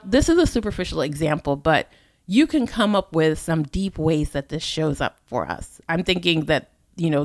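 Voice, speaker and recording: A woman's voice: on the low side, no echo, studio quality. A woman in her forties hosting a solo motivational podcast, talking straight to the listener in an earnest, encouraging way. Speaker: podcast host.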